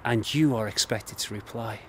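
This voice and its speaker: A man with an English accent, a minister delivering a recorded sermon in an earnest, gently emphatic way with repeated phrases. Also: fairly low pitch, moderate pace, a little hiss or hum. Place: indoors, recorded for online service.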